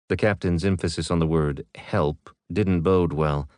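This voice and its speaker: Low-voiced male audiobook narrator. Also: steady tone, unhurried, few pauses, darkish tone, no room sound, clean studio sound. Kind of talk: scripted narration.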